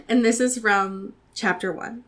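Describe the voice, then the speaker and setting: A woman's voice: on the high side, fairly even intonation, takes it slowly, fairly bright tone. A woman from the Pacific Northwest co-hosting a podcast, reading fan fiction aloud with dry comic timing and laughing often. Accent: Pacific Northwest American. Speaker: podcast co-host.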